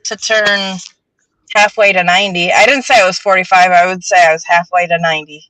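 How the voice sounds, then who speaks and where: A woman's voice: fairly low pitch, steady tone, a little fast, a bit bright, no room sound, rough recording. An easygoing, wry woman, chatting as a guest. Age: 40s. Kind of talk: casual live-stream chat.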